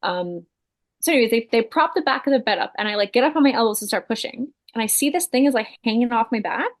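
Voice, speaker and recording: A woman's voice: fairly high pitch, fast. Chatty woman telling a story. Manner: animated storytelling with frequent fillers, swearing and laughter. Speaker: podcast guest. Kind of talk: casual chat.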